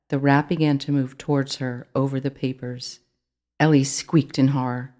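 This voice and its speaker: An author reading their own children's book aloud, in clear, steady storytelling narration. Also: mid-range voice, moderate pace.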